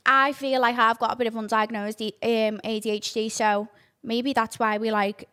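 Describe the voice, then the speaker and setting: A young woman, hosting a casual podcast, oversharing and swearing freely in animated outbursts. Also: on the high side, moderate pace, clean tone. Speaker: podcast host. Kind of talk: casual chat.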